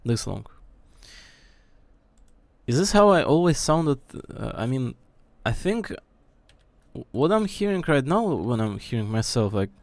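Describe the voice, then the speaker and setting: A man's voice: mid-range voice, sing-song, a little slow, pauses often, a little mellow, dry recording. A man streaming from home, thinking aloud as he checks how his microphone sounds at different distances. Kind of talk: casual mic-check rambling. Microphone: desk mic, moving nearer and farther.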